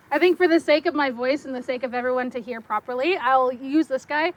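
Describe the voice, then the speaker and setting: A woman from Sturgeon Lake First Nation, opening her talk as a guest speaker in a lively, friendly way. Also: high voice, moderate pace, dry recording. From Sturgeon Lake First Nation, Saskatchewan. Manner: lively, friendly, loud by habit.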